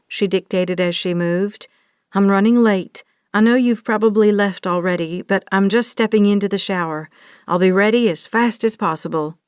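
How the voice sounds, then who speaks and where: Woman narrator, romance audiobook, steady storytelling, mid pitch, dry close studio sound. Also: no echo. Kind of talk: scripted narration.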